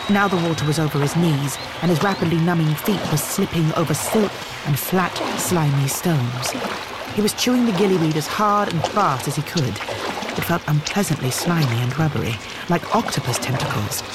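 A man giving a measured, expressive scripted audiobook narration. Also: a little high, over loud music.

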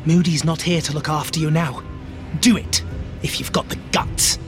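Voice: medium pitch, fairly even intonation, normal speed, over music, natural voice. A narrator voicing a spoiled teenage boy bully in an audiobook reading, taunting and smug. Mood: menacing.

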